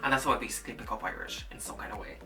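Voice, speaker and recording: Loud music plays behind a late-teen student vlogger whose first language is Russian; his lowish voice is very fast, has vocal fry and sits far from the mic. Talking casually about his studies, he rambles, repeats himself and keeps restarting.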